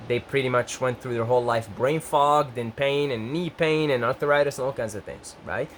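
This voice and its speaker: Rambling, excitable young man vlogger. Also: a little fast, hardly any pauses, slight background noise. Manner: rambling, self-interrupting, lively pitch jumps when excited. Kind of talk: casual talk to camera.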